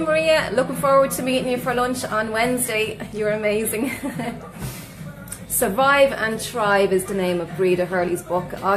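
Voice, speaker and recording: A woman's voice: mid-range voice, low-quality recording. An Irish woman, a sleep coach, chatting as a guest on a live radio show, bubbly and effusive, laughing often. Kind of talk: chatty live interview with shout-outs to viewers.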